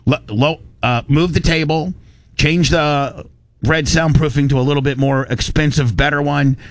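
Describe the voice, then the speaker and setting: A man hosting a radio talk show, telling a story in an animated, ranting way with frequent restarts. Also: a little high, moderate pace, no echo.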